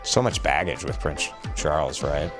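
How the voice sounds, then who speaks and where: A man's voice: very deep voice, expressive, normal speed, music in the background. A man hosting a casual morning news update, chatty and upbeat, reading out viewer comments with joking asides.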